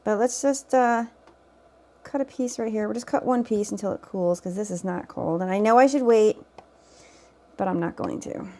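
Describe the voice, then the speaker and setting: A woman's voice: medium pitch, moderate pace, a little mellow. A woman giving casual, off-the-cuff cooking commentary from her home kitchen, chatty and teasing herself, speaking off camera. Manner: chatty, self-teasing, talks while tasting. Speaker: cooking vlogger. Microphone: camera mic, speaker off camera.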